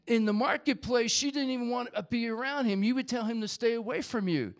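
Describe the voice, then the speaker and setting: Animated high-voiced male preacher. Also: a little fast. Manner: animated, reads scripture aloud and acts out voices of the crowd. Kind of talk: sermon.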